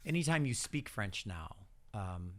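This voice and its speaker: A man's voice: lowish voice, very animated, unhurried, a bit bright. Man hosting a radio interview. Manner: brief encouraging prompts and questions. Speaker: radio host.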